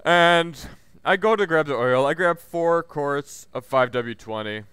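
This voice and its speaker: A man's voice: a little high, a little slow, fairly bright tone, clear, resonant tone, no echo. A young man telling a rambling, profane story while gaming, exasperated and short of breath. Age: young adult. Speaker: gaming vlogger. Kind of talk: ranting story over gameplay commentary.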